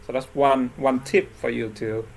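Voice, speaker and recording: A man's voice: mid-range voice, steady tone, measured pace, vocal fry, breathy edge. A man teaching an English lesson on word stress, patiently checking in with his class after each point. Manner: patient, constantly checks in with "right?" and "okay?".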